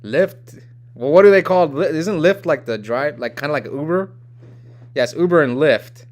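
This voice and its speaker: A man's voice: fairly high pitch, lively intonation, normal speed. Chatty young man hosting a live stream. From United States. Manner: chatty, rambling, reads chat aloud. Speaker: livestream host. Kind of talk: casual live-stream chat reading comments.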